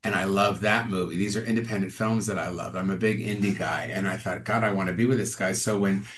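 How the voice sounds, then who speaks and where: A man, an actor and comedian, chatting as an interview guest and telling animated stories in which he acts out other people's lines. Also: deep voice, fast. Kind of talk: casual interview storytelling.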